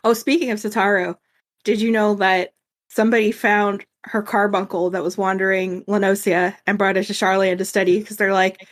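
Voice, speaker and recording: A woman co-hosting a game podcast in casual chat, animated and quick to swear and laugh. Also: medium pitch. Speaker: podcast co-host.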